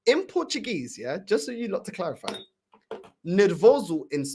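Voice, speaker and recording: A woman from London trading slangy, teasing stories in a casual chat. Her voice is husky, and its pitch bounces up and down a great deal. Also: very animated, moderate pace, warm tone. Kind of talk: casual banter.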